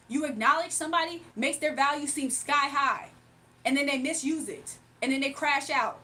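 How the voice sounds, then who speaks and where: A woman's voice: high-pitched, fairly bright tone. A woman hosting a livestream in a casual, blunt, scolding manner. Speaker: livestream host.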